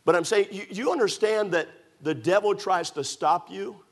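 A man's voice: high-pitched, moderate pace. A man preaching a sermon, building with emphatic rhetorical questions and storytelling. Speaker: pastor.

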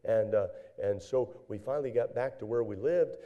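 An older man preaching a sermon, telling folksy stories in an animated way, with many fillers and acted-out dialogue. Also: medium pitch, normal speed, lo-fi sound. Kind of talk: sermon with storytelling.

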